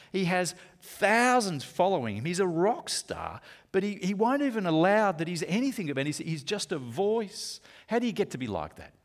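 A man preaching a sermon to a congregation, swinging from loud emphatic lines to slow, hushed asides. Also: on the high side.

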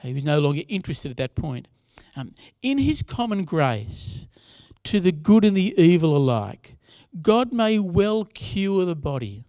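A man's voice: high-pitched, sing-song, unhurried, mellow, no room sound. A younger man preaching a sermon in a conversational way, with asides to the congregation. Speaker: pastor.

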